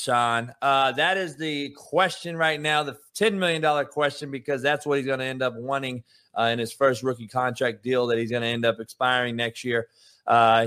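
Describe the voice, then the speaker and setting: A man's voice: a little high, pushed and bright. A man hosting a sports talk show, brash and profane, rambling through opinions in casual sports talk.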